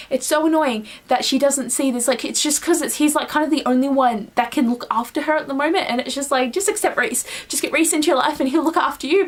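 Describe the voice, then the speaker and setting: Young woman, Australian accent, gushing and excitable, casual swearing, slightly high voice. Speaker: book vlogger. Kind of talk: casual book review chat.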